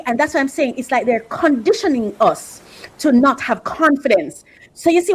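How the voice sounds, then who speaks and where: A fired-up woman hosting a podcast, speaking in a fairly high voice. She talks with emphasis and hammers home her points by repeating phrases. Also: breathy edge. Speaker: podcast host. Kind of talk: emphatic casual commentary.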